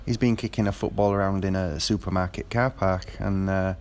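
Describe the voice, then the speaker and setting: Casting note: man, fairly low voice, casual rambling monologue, lots of ums and restarts. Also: steady tone, brisk, a little mellow, a little hiss or hum. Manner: rambling, with frequent fillers and restarts. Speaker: football fan.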